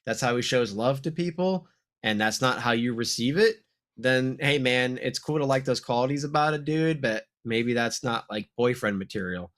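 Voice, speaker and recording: A man chats casually on a podcast. His voice has a slight nasal edge, and his pitch is middling. He rambles and restarts often. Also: normal speed, a bit bright. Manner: rambling, many fillers and restarts. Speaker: podcast co-host. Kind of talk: casual chat.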